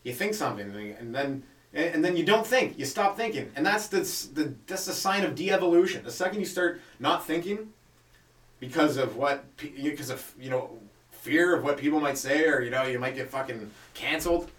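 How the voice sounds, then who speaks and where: A man's voice: fairly high pitch, expressive, normal speed, fairly bright tone, roomy sound, distant mic. A man doing a loose, profane comedy podcast monologue, full of rhetorical questions. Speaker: stand-up comedian podcast host.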